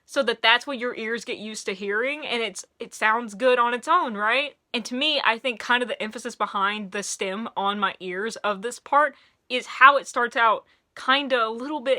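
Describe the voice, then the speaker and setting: A young woman rambling excitedly through a casual music review, gushing and sometimes singing along. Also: a little high.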